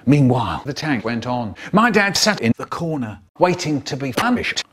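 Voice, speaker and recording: A man tells a spliced-together comic story in an animated, husky voice that leaps into sudden squeaky highs. He speaks at a normal speed.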